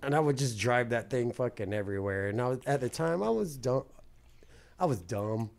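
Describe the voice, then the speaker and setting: A man, co-hosting a podcast. He talks casually and profanely and reacts with laughs and quick quips. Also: mid-range voice, expressive, vocal fry, darkish tone. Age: 40s. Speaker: podcast co-host. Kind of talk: casual chat.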